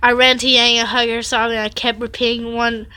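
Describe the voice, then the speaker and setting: A woman's voice: fairly high pitch, level tone, brisk, pushed and bright, clear, resonant tone, dry recording. A woman YouTuber reading fan fiction aloud, stumbling over and correcting the words and breaking off to react with dramatic exclamations. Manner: stumbles and corrects herself often.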